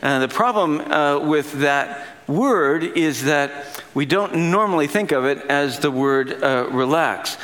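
A man's voice: fairly high pitch, expressive, slow, hardly any pauses, fairly bright tone. A man giving a sermon in a casual, playful teaching manner, laughing as he explains. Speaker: pastor.

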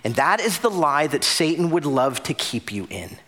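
Bright-voiced animated male pastor. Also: on the high side, moderate pace. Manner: animated storytelling, swings from loud bursts to hushed drops. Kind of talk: sermon.

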